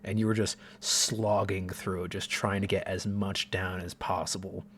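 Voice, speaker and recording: Low-voiced man narrating as game master. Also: normal speed, a little hiss or hum. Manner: relaxed, descriptive, with fillers.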